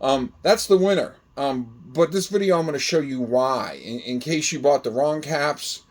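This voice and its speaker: Man of average pitch, chatty hobbyist host, loose and rambling with lots of ums and uhs. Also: normal speed. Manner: rambling, filler-heavy, friendly. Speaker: hobby grower demonstrating gutter parts. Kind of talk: casual how-to video talk.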